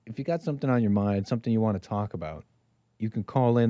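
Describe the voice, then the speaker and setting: A man hosting a call-in livestream, talking casually to his chat, rambling and teasing, with sudden loud bursts and mumbled asides. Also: lowish voice, fast, no echo, studio quality. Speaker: host of a call-in livestream show.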